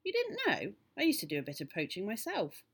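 A woman reading aloud, voicing an excitable, mischievous little old village doctor who rises to loud indignant bursts. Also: mid-range voice, a little fast, slightly rough, heavily acted. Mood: genial, conspiratorial.

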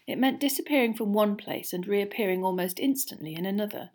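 A woman narrating an audiobook chapter in an even, measured storytelling voice. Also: mid-range voice.

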